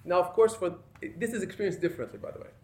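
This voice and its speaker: A man's voice: sits high, animated, rapid-fire. A man who is an imam, giving a conversational, emphatic sermon and addressing the audience directly. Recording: echoey room.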